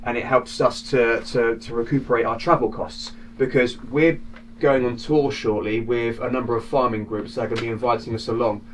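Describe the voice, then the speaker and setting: Man, casual spokesman with a halting delivery, mid pitch, distant mic. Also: fairly even intonation, a little hiss or hum. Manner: hesitant, with frequent restarts. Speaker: property investor, project spokesman. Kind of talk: casual explanatory talk. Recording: distant mic with faint outdoor ambience.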